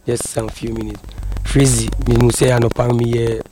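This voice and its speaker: A man's voice: mid-range voice, level tone, normal speed, noisy background. A Ghanaian boxer in a casual radio interview, rambling and apologetic as he mixes English and Twi. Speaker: boxer interviewed after a fight.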